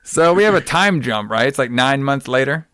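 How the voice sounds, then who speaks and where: A man's voice: mid-range voice, expressive, moderate pace, sharp tone, clean tone, no room sound, studio quality. A man hosting a podcast, recapping a film in a casual, rambling way, full of swearing and wrestling-fan slang. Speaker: podcast host.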